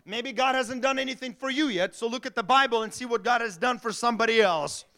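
A middle-aged male pastor preaching a sermon in an animated way, acting out little voices and laughing often. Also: very high-pitched, fast talker.

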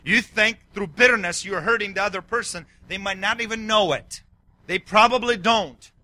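A middle-aged male pastor preaching a sermon, excitable, swinging between yelling and quiet asides. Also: high voice, normal speed, dry recording.

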